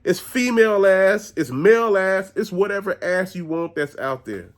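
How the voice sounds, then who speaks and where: Speaking straight to his channel's audience, a host unleashes a crude, blunt, sermonizing rant. He sounds high-pitched and animated, keeping a moderate tempo.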